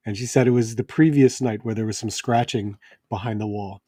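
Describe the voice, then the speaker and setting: A man's voice: lowish voice, fairly even intonation, fairly quick, dark tone, husky, no room sound. A man, a homeowner in his thirties hosting a toy live stream, ranting in a rambling, exasperated way, with restarts and fillers. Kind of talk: casual live stream rant. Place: home.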